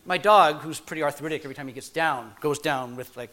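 A man preaching a sermon in an animated, playful way, full of humorous asides and quick restarts. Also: fairly high pitch.

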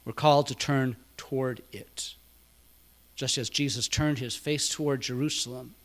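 A man preaching a sermon, quoting others quietly and building to loud, emphatic peaks. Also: medium pitch, fairly even intonation, measured pace. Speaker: pastor.

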